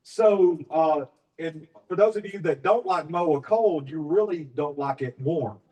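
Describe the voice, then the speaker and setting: A man from Alabama giving a testimony to a live audience, telling his story haltingly with many fillers. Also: a little high, mellow, far from the mic, low-quality recording. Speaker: business partner sharing his story.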